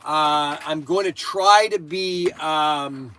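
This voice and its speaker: Older man, talk show host, casual chat, rambling, tangents, tired, slightly high voice. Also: slow, noisy background.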